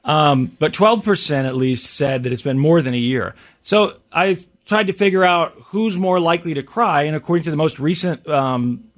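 A man hosting a talk show, reading survey numbers and riffing on them in a chatty, wry way. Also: fairly high pitch. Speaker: radio show host. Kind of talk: casual talk show banter.

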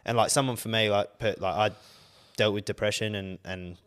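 Young Australian male co-host with a low voice; casual, excitable, sweary. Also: moderate pace. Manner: animated, swears a lot, gets loud when worked up. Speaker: podcast co-host. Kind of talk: casual chat.

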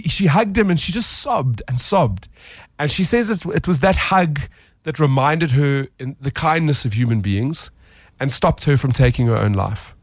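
Brief: male radio feature reporter from South Africa, earnest, heartfelt delivery, dry studio mic, mid pitch. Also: dry recording. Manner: earnest, emotional storytelling. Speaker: good-news feature reporter. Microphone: studio microphone.

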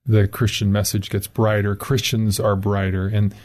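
Low, flat-voiced male host. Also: normal speed. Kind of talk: interview hosting.

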